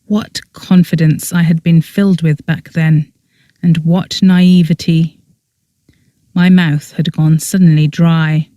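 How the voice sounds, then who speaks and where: An audiobook narrator reading a first-person story in an even storytelling manner, close to the mic. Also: medium pitch, takes it slowly, no room sound.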